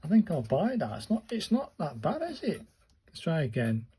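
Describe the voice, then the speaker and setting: In a low-quality recording, a calligraphy learner who hosts his own channel mutters step by step through his writing strokes while practicing. His voice is a little high and husky with a dark tone, and his pitch swoops wildly at a moderate pace.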